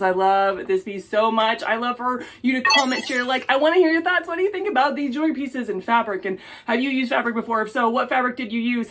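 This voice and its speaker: A woman chatting casually in her jewelry-making vlog, gushing and excitable, and tired after an illness. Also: medium pitch. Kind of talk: casual tutorial chat.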